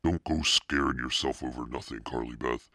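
A man reading aloud, voicing an energetic, insistent mother who talks briskly. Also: rumbling low, no echo, clean studio sound, exaggerated voice. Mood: hurt. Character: energetic, fast-talking artist mother.

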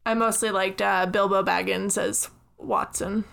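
A woman's voice: mid-range voice, flat delivery, unhurried, creaky, fairly bright tone. A young woman co-hosting a podcast, chatting casually, giggly and frank. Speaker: podcast co-host. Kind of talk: casual chat.

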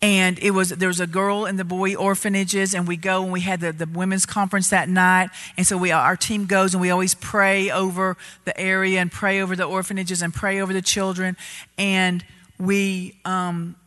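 A woman telling a story in a sermon, animated and loud, getting louder as she gets excited. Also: lowish voice, moderate pace. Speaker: preacher. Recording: reverberant hall.

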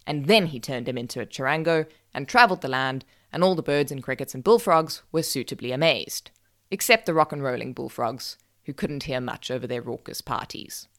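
A woman narrating a folk tale for a podcast with wry, deadpan asides. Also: a bass voice, a little fast. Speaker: podcast storyteller. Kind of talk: scripted narration.

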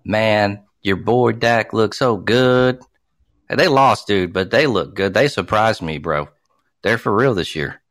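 A man's voice: on the low side, slow, a bit bright, dry recording, studio quality. Profane ranting guy talking sports. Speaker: sports podcast co-host. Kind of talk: casual sports chat.

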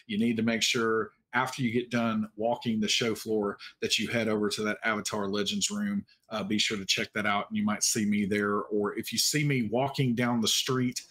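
A man's voice: on the low side, little pitch movement, normal speed, few pauses, a bit bright. A man hosting a livestream cast Q&A, chatty and upbeat, with frequent fillers. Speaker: host.

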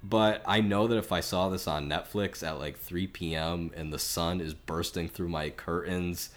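A man co-hosting a film podcast, talking through his opinions in a chatty, measured way with lots of filler words. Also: low voice, fairly even intonation. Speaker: podcast co-host. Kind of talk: casual film review chat.

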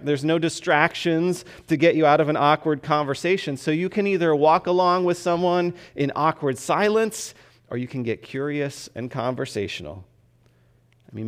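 A man preaching as a pastor, talking to the congregation in a conversational, animated way that keeps asking "right?" and laughing along. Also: medium pitch. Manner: animated, with frequent restarts. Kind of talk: sermon.

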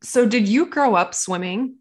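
A woman's voice: fairly high pitch, expressive, a little slow. A woman hosting a podcast interview, asking loose, sympathetic questions full of fillers. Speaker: podcast host. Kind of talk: casual interview.

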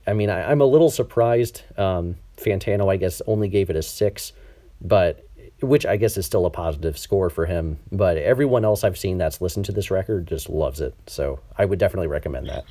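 A man's voice: sits low, animated, a little fast, mellow. A man hosting a casual podcast over an online call, talking with a slightly nasal tone and lots of ums and restarts. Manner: chatty, many ums and restarts. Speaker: podcast host. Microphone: over Skype.

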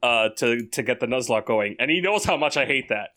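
A man's voice: medium pitch, animated, fairly quick, sharp tone. A man co-hosting a podcast, chatting casually in a laid-back, self-deprecating way with casual swearing. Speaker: podcast co-host. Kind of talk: casual banter.

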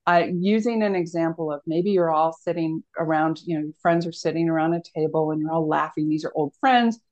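A woman counselor explaining ideas as a podcast guest, earnest and teacherly, often asking rhetorical questions. Her voice sits somewhat low. The audio is dull and lo-fi, like a remote connection. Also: fairly quick, a little mellow.

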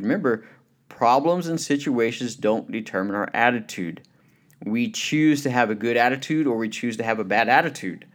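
A man's voice: medium pitch, moderate pace. Earnest man giving a motivational talk. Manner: earnest, conversational, many "you know" fillers; tells anecdotes with lively acted quotes. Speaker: speaker.

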